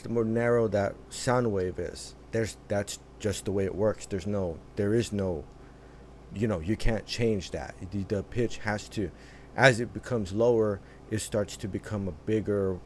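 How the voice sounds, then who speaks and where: A man's voice: fairly low pitch, measured pace, darkish tone, slight background noise. A man hosting a reaction video, commenting casually in a rambling way with many restarts and fillers. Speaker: reaction host.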